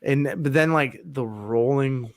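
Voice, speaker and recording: A man's voice: mid-range voice, unhurried. A man in his thirties telling a long rambling story in a casual podcast chat, laughing often. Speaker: podcast co-host.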